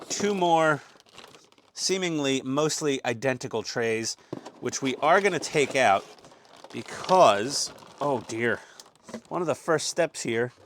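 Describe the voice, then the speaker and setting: A man's voice: medium pitch, lively intonation, takes it slowly, pauses often, background noise. Jokey man hosting a model build. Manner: jokey, self-mocking, rambling. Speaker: host. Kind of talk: casual hobby build vlog. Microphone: lapel mic.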